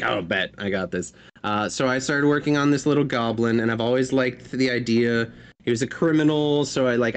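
A man with a Canadian accent from New Brunswick, a streamer guest chatting casually and swearing freely. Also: mid-range voice. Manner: laid-back, jokey, swears freely. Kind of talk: casual podcast chat.

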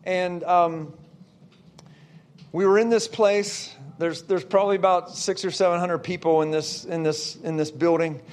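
A man preaching, telling a story with lots of check-ins to his listeners and building to shouts. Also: sits high, fairly even intonation, measured pace. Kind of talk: storytelling sermon.

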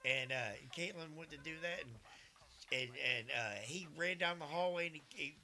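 A man hosting a podcast, retelling a story in a profane, animated way and quoting himself often. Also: fairly high pitch, normal speed. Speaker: podcast host. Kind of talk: casual storytelling chat.

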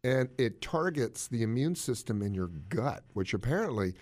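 A man co-hosting a casual chat, explaining health news in a jokey, animated way. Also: moderate pace. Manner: animated, jokey, swoops up in pitch for emphasis.

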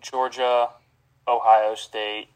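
A man's voice: mid-range voice, flat delivery, extremely slow, poor audio. Man tossing in blunt quips. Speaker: podcast co-host. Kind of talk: casual sports talk.

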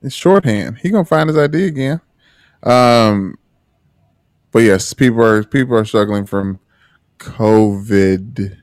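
A man with a lowish voice and dry, close sound talks on a podcast. He is earnest and halting, restarting his phrases and repeating words as he goes. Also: no echo. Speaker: podcast co-host. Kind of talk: casual chat.

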